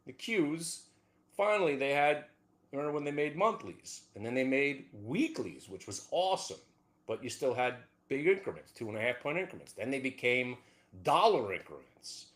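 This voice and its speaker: A man hosting a trading show, talking fast and excitedly over charts, dropping to a low mutter and then bursting into whooping shouts.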